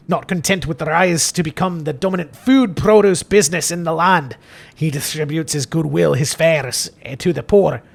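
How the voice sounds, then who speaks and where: A man reading a diary aloud as a Scottish-accented priest, slow and theatrical, rolling his Rs heavily. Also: high voice, vocal fry, exaggerated voice. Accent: Scottish, exaggerated put-on. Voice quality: heavy rolled Rs.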